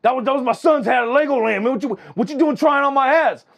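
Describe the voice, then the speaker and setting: A booming, high-pitched shout from a big, angry man scolding someone for touching his things, as a man puts the voice on in a story. The voice jumps well above the teller's usual pitch and comes across loud and heated, a little away from the mic. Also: fast talker, gravelly, heavily acted. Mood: outraged. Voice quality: booming yell.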